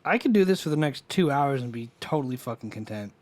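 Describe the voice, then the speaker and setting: A man's voice: medium pitch, fast talker. Male co-host, casual chat, enthusiastic and profane. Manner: excited, swearing, nerding out. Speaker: podcast co-host.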